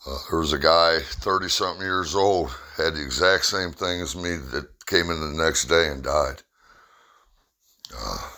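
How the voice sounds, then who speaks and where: A man's voice: a bass voice, pushed and bright. A middle-aged man telling a personal story in a plainspoken, rambling way with blunt humor.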